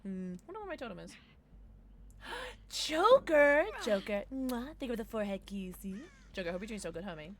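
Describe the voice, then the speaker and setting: A woman streaming a game and chatting casually with her viewers, playful and excitable. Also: mid-range voice, racing. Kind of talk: casual gameplay streaming, reading chat.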